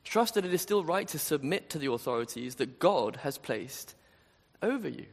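An earnest man preaches a sermon, pressing his points and putting rhetorical questions to the room. His voice sits a little high and swings widely in pitch. The sound carries the long reverb of a big hall. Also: lively intonation, normal speed, vocal fry.

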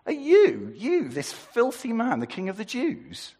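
Husky male preacher as Roman governor, coaxing and theatrical, voice jumping up and down, echoing hall. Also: medium pitch, wildly swooping pitch, a little slow, exaggerated voice. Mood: scornful. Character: exasperated Roman governor, pleading then scheming.

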